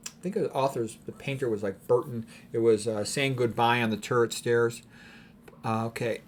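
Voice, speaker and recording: A man giving rambling, opinionated commentary on paintings, clearing his throat often between thoughts. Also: mid-range voice, fairly bright tone. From United States. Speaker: art commentator.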